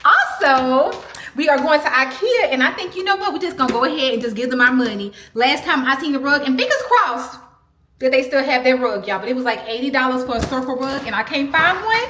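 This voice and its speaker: A young woman chats to her viewers in a high, bright voice. Her pitch swings widely as she talks, and she speaks. The talk is casual vlog chatter. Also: a little fast, a little hiss or hum. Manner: chatty, animated, says "y'all" often. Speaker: lifestyle vlogger.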